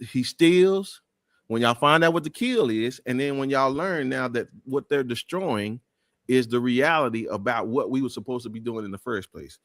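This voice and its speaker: A man's voice: mid-range voice, normal speed, no echo, studio quality. A man hosting a live talk show, speaking in an emphatic, preachy way with many restarts.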